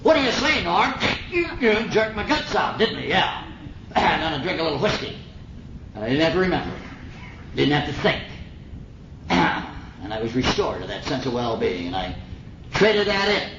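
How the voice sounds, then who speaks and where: Middle-aged man, folksy earnest recovery talk, roomy muffled 1950s tape with hiss. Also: on the high side. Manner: folksy, earnest storytelling with slang. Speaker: AA speaker sharing his story. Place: meeting hall.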